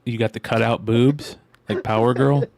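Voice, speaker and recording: A man's voice: mid-range voice, fairly even intonation, moderate pace, creaky, a little mellow, no room sound. A man co-hosting a comic book live stream, joking and laughing with friends in casual chat.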